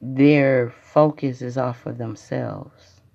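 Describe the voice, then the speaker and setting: Woman, gravelly voice, spiritual livestream monologue, rambling and repetitive, muffled lo-fi audio. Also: rumbling low, steady tone, takes it slowly, warm tone. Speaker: podcast host.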